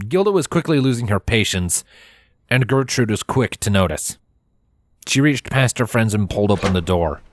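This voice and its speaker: A man narrating a fanfiction chapter aloud in steady, expressive storytelling. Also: fairly low pitch, moderate pace, noisy background. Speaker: fanfiction reader. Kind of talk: scripted narration.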